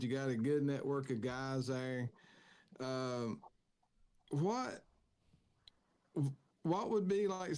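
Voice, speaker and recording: A man with a Southern American accent hosting a podcast, asking guests questions in a friendly, halting way. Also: mid-range voice, darkish tone. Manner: friendly, halting with repeated words. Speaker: podcast host interviewing guests. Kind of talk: casual interview chat.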